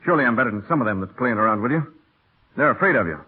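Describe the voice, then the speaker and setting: An actor playing a passionate young stable hand in a 1930s radio drama, bold and pleading. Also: male voice, mid-range voice, lively intonation, rapid-fire, slightly rough. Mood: ardent. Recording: thin, phone-like old radio broadcast.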